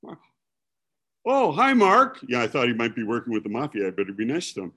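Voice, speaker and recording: A man's voice: fairly low pitch, rapid-fire, fairly bright tone, husky. A man from Milwaukee, preaching in a casual, rambling storytelling way with self-deprecating humor.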